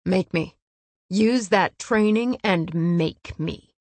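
Fierce winged warrior man read by a woman, icy fury, low clipped delivery, slow, dry sound. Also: a little mellow, no echo.

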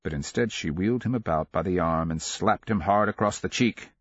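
A man narrating a fantasy audiobook in a measured, dramatic storytelling manner. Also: low-pitched, husky, dry recording, lo-fi sound.

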